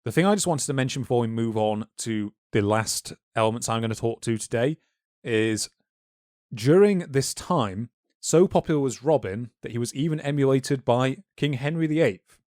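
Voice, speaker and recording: A man's voice: medium pitch, normal speed, a little mellow, no echo, studio quality. A man co-hosting a history podcast, explaining a subject in an informal, lecture-like way with fillers and asides. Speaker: podcast co-host.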